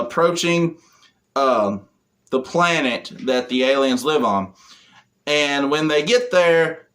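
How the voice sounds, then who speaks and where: A man's voice: fairly high pitch, a bit bright. Chatty man recapping a comic. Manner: rambling plot retelling with fillers. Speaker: comic book reviewer. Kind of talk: casual spoken review.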